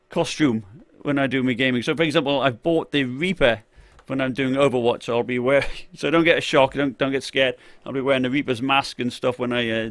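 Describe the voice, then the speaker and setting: A man's voice: mid-range voice, fairly bright tone. A man hosting a casual live stream about tech gear, talking in loose, rambling runs full of "uh" and "you know". He keeps breaking off to greet viewers by name from the chat. His voice sounds dry, with no room echo. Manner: rambling, lots of fillers and restarts.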